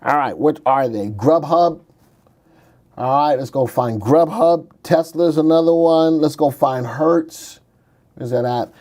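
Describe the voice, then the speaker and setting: Fairly high-pitched and a little mellow, this host takes his time walking through stock charts on his show. He trades jokes with his co-host, cracking wise and putting on silly voices.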